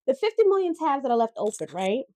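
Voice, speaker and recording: Chatty woman, a little high, dry sound. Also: mellow, no echo. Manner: conversational, reflective, frequent restarts and "right?". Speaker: podcast co-host. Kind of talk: casual chat.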